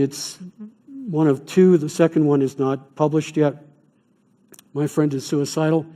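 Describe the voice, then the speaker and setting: A middle-aged man, a chaplain, teaching an evening class on grief care in an earnest, measured way, with stories from his work. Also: fairly high pitch, warm tone. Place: classroom or church hall.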